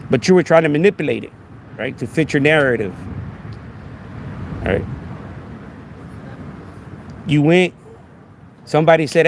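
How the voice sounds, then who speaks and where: A man's voice: fairly high pitch, expressive, normal speed, pauses often, slight background noise. A man hosting a podcast in a casual monologue, talking emphatically, repeating himself and asking "right?" again and again. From Texas. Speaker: podcast host.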